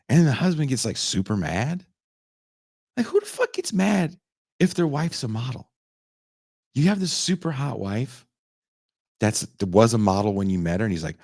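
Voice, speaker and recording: A young man hosting a podcast, retelling a movie in casual, profane chat and putting on quick voices for its characters. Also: medium pitch, dry recording, clean studio sound. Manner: profane, animated storytelling with put-on character voices. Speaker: podcast host.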